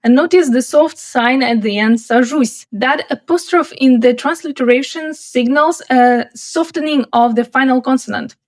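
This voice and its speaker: A woman with a somewhat high voice walks a learner through pronunciation in a calm, clear, patient way. She slows right down for each model sentence, and she is recorded outdoors while walking through a city. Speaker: Russian language teacher. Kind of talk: pronunciation lesson with slow model readings.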